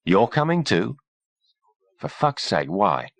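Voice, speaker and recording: A man voicing a gruff, sarcastic army sergeant in his mid-thirties who trades growling banter. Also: fairly low pitch, big pitch swings, slow pace, dry recording, full character voice. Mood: irritated.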